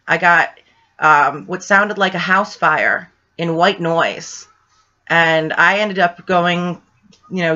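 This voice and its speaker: A woman ghost hunter telling a rambling, excitable story in a casual vlog, full of fillers. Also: on the low side. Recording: dull lo-fi sound.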